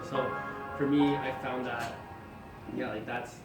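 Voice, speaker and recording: A man's voice: mid-range voice, normal speed. Guy telling painting stories, acts out customers, laughs a lot, roomy and far off, music behind. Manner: animated, acts out quoted customers, laughs often. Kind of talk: casual storytelling at a meetup. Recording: echoey room, far from mic, music behind.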